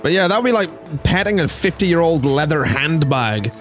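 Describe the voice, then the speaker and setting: A man's voice: fairly high pitch, lively intonation, normal speed, fairly bright tone, soft background music. A man streaming a game, rambling and joking with chat in casual gameplay commentary.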